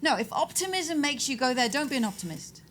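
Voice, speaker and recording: A woman's voice: high voice, big pitch swings, a little fast, a bit bright. Woman, 40s, author on a debate panel; emphatic, rhetorical delivery with a light hum underneath. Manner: emphatic, rhetorical, acts out quoted voices. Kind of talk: public debate answers.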